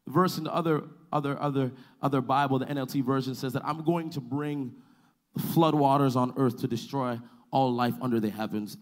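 A man preaching a sermon to his church, calling for responses and building to loud, sung-out climaxes. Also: mid-range voice. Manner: preaching with call-and-response, swelling to shouts. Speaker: pastor.

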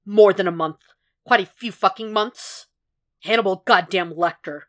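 A woman reading a podfic plays an enraged middle-aged male FBI chief who swears and snarls at full volume, the voice pushed high and hard with anger. He bellows more than he speaks, each outburst cut short and loud. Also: normal speed. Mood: furious.

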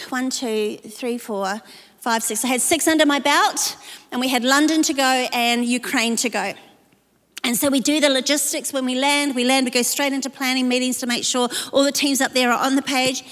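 A woman with a high, bright voice tells a story in a sermon from the stage of a large church. She keeps up chatty, self-deprecating asides to the crowd. A long reverb from the hall trails after her words. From New Zealand. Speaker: pastor.

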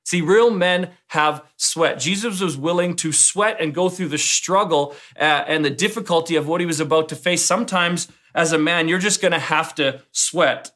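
Male preacher, slightly high voice, earnest and halting, casual devotional delivery. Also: a bit bright. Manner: earnest, halting with repeated words and fillers.

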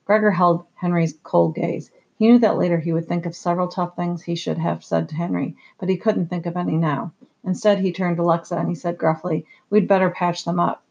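An audiobook narrator reading a story aloud in a steady, measured way. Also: medium pitch, vocal fry, slightly rough, dull audio.

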